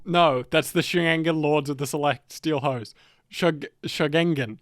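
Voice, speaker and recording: A man's voice: fairly high pitch, measured pace, fairly bright tone, dry recording, clean studio sound. A man co-hosting a podcast, telling fantasy lore in a rambling, profane, joking way. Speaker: podcast co-host narrating lore. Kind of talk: casual lore chat.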